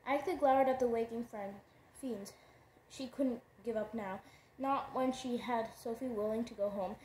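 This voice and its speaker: A woman reading a novel aloud at a steady pace, often stumbling over words and correcting herself. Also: a little high, normal speed, reverberant, slight background noise, low-quality recording. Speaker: reader.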